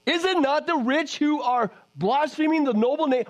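High-pitched man preaching a fiery sermon. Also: normal speed. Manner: scolding rhetorical questions, sudden drops to a murmur.

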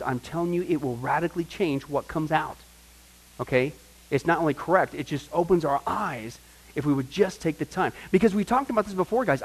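A man preaching a sermon to a group, animated, often asking his listeners questions and acting out the people he quotes. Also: a little high, slightly rough, poor audio. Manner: animated, acts out quoted voices, asks the audience questions. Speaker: pastor teaching a Bible study.

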